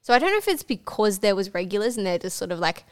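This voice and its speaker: A woman's voice: medium pitch, very animated, quick pace, clean tone. A young woman co-hosting a podcast, talking candidly and giggling, with lots of fillers. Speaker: podcast co-host. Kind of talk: casual chat.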